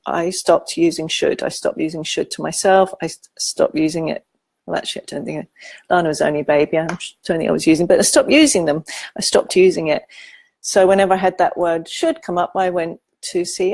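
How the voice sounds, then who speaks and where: Middle-aged lady therapist, low gravelly voice, gentle and calm, dry close sound. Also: no room sound. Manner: soft, calm and compassionate, with hesitant restarts. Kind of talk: gentle teaching talk.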